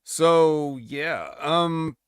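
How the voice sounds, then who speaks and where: A podcast co-host with a slightly high voice talks very slowly, the sound smooth with no echo. He recaps wrestling in a rambling, jokey manner, slipping into mock promo voices in this casual wrestling chat.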